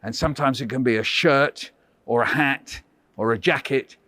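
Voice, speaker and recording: A man visiting a hospital school classroom as a children's author, telling stories to young children in an animated, chatty and playful way. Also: mid-range voice, moderate pace, no echo. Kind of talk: lively storytelling to young children.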